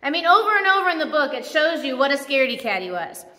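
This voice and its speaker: A woman preacher giving a casual, animated sermon that retells scripture in a church. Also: high voice, fast talker, roomy sound, long reverb tail.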